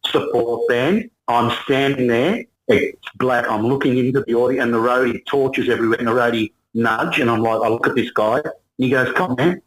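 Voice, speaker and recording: A man in his sixties with an Australian accent, a musician guest telling lively stories and acting out the people in them. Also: mid-range voice, normal speed, rough recording. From Melbourne, Australia. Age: 60s. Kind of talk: casual storytelling interview.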